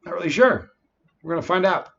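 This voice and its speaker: A man's voice: high-pitched, animated, a little fast, creaky, fairly bright tone, lo-fi sound, slight background noise. A man hosting a casual livestream, chatting and greeting viewers by name. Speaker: livestream host.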